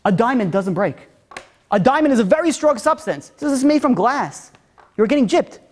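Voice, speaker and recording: A man's voice: very high-pitched, very animated, moderate pace, pitched above the performer's own voice, full character voice. A man voicing a shrewd male prisoner who explains things in a soothing, matter-of-fact way in a spoken story. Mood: reassuring.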